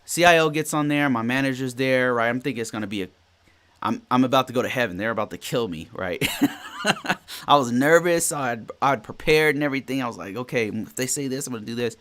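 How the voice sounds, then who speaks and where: A mid-range, fairly bright voice moves at a brisk clip as this podcast host, a man in his forties, chats casually on his own. He tells a work story in a rambling way, frequently repeating himself and starting phrases over.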